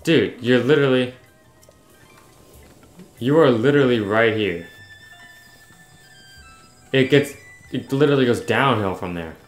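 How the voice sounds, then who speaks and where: A man chats his way through a video game, reading tips off the screen and reacting between them. His voice sits at an ordinary middle pitch. The room sounds echoey, with faint game music underneath. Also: a little slow, long pauses. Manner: reads on-screen text aloud, chatty asides. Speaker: gaming YouTuber. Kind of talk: casual let's-play commentary.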